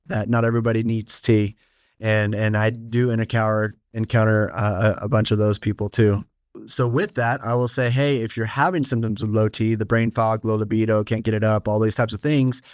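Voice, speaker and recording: A man's voice: medium pitch, no echo, studio quality. A man hosting a casual interview, speaking plainly and earnestly to other men. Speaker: host of a men's health clinic show.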